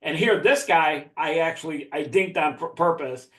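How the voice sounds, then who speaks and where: At a moderate pace and in a somewhat high, slightly bright voice, a man from around Chicago tells a profane story on a podcast, laughing while he chats casually. The room has a noticeable echo.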